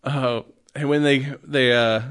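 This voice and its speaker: A man's voice: mid-range voice, steady tone, slow pace, fairly bright tone, clear, resonant tone. Rambling, laughing man recapping a movie. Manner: rambling, laughs often, many fillers. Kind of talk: casual chat, retelling a movie.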